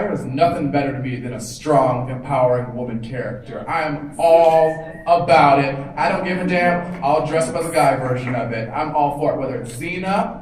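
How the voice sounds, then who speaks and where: A man speaking as a convention panelist in a relaxed, chatty way, often laughing. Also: medium pitch. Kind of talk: casual panel discussion. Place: large convention hall. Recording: echoey hall from far off, crowd behind.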